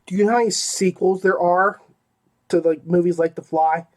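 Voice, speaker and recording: A middle-aged man talks through a book review in a loose, rambling way. His voice sits a little high and jumps between loud bursts of excitement and muttered asides. He keeps checking in with "okay?" as if chatting with a friend. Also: normal speed. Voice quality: animated, emphatic, swings between loud exclamations and mumbled asides. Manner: rambling and self-interrupting, with repeated 'okay?' and 'like'. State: hiccuping. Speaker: podcast host reviewing audiobooks. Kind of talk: casual spoken book review.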